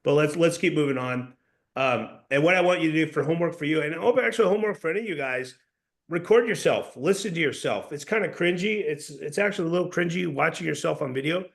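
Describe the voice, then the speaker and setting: A man coaching a sales team in a casual, energetic way, often calling people "dude" or "bro". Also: a little high, fast, vocal fry. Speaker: sales trainer.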